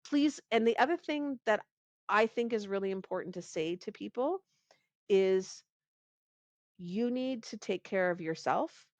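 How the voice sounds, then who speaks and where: A woman speaks in an easy conversational voice, animated and quick to laugh, often restarting her sentences as she goes. Her pitch sits in the middle range. The sound is dry and close, with no room echo. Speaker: podcast guest, pain reduction coach. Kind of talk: conversational interview.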